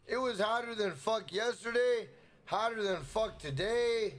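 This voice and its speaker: A man's voice: sits high, a little slow. A young man from Minnesota live streaming a game, chatting casually, swearing freely and hyping up his chat. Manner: hyped, profane, shouts out chat members.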